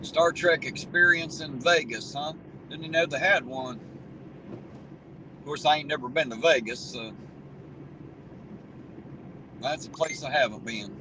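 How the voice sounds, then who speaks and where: A man's voice: on the high side, measured pace, long pauses, background noise. A middle-aged man, hosting a livestream, chatting casually and reminiscing in a folksy, rambling way. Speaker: livestream host reading chat. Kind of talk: casual chat.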